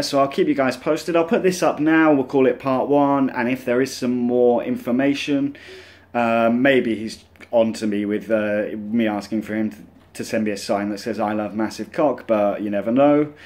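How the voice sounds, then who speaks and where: Brief: scam-baiting vlogger man, medium pitch, casual and rambling. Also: normal speed, a little mellow. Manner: chatty and rambling, many uh and um fillers. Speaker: scam-baiting channel host. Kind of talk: casual vlog talk to camera.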